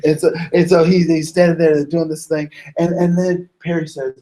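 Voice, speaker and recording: Through a low-quality recording, a diversity trainer with a voice on the high side leads a workshop at a moderate pace. He's a lively storyteller who imitates voices and questions the people in the room.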